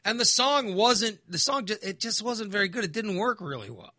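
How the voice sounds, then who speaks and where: A man's voice: high-pitched, expressive, normal speed, sharp tone, no room sound, clean studio sound. A man ranting casually, exasperated and sarcastic, sounding fired up. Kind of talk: casual opinion rant.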